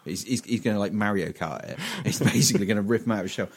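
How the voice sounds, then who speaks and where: A man's voice: fairly low pitch, fast. A man co-hosting a podcast, rambling through silly stories in casual chat with lots of swearing and laughter. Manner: sweary, giggly, rambling storyteller. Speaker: podcast co-host.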